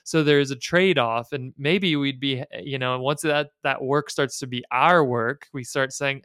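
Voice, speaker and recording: Male podcast co-host, thirties, chatty and joking, crisp clear tone. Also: medium pitch, fairly bright tone, dry recording, clean studio sound. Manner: chatty, quick asides and jokes. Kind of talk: casual chat.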